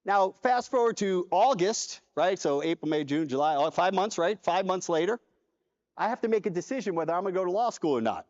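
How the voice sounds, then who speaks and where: A man delivers a keynote in a big convention hall, spinning a personal story and playing every part of the dialogue himself. His voice sits high for a man. The sound is dull, and a long reverb trails off his words through the hall. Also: a little fast. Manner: animated storyteller acting out dialogue. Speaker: conference keynote speaker.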